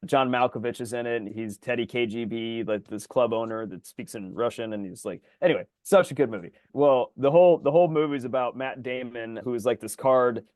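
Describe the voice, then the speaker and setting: A man co-hosting a podcast in casual chat, rambling and animated, his voice jumping high when he gets excited. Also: brisk, few pauses, dry recording. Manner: rambling, animated storyteller full of fillers. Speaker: podcast co-host.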